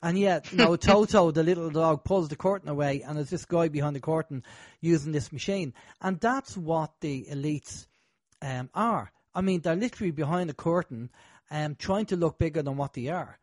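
A man's voice: fairly high pitch, moderate pace, a little mellow, no echo. A man hosting a casual conversation, talking in a rambling, hesitant way with many fillers.

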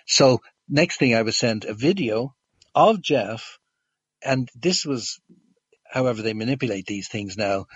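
A man's voice: mid-range voice, animated, measured pace, slightly rough, dry recording. A man telling a long story as a guest, hesitant with many fillers and restarts, on a dull lo-fi recording. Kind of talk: casual storytelling.

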